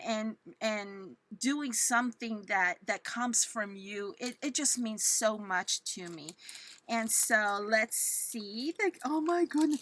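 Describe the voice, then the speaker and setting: A woman's voice: high-pitched, sharp tone, no room sound. A middle-aged woman, hosting a casual craft unboxing, gushing and giddy as she talks to viewers like friends. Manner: gushing, giddy, exclaims often. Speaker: crafting channel host.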